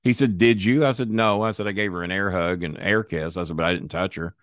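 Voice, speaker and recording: A fast-talking man with a deep voice, appearing as a guest in a casual interview, tells a long and profane story while animatedly voicing the people in it. It's a studio-quality recording with no room sound.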